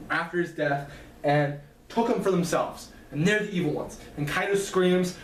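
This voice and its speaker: Man, high pitch, loose filler-heavy plot recap, distant mic with faint noise behind. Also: normal speed, echoey room. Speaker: author recapping his novel. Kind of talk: casual plot recap lecture.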